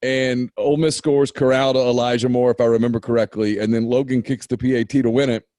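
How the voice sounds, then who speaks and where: Mellow middle-aged podcast host, dry. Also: male voice, medium pitch, little pitch movement, fast talker, dry recording. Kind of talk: interview.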